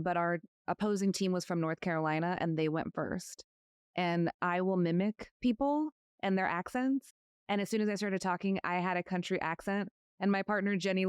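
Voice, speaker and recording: Friendly woman podcast host, smooth voice. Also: on the low side, no room sound, studio quality. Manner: friendly, laughing, storytelling. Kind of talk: conversational interview.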